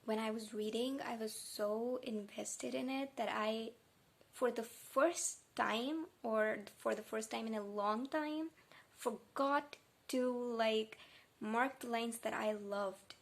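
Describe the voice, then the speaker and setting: Slow-talking tearful young woman vlogger. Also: a little high, gravelly. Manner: emotional, gushing, close to tears. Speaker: book vlogger. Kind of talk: casual reading vlog chat.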